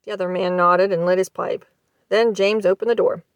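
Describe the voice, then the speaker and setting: A woman narrating a short story aloud for a library series, with a measured, expressive reading style. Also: medium pitch, clear, resonant tone, no echo.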